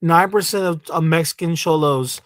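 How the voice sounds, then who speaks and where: Brief: male vlogger, fairly high voice, dry close sound, blunt and profane rant. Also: normal speed, fairly bright tone, no room sound. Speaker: commentary vlogger. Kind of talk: ranting commentary.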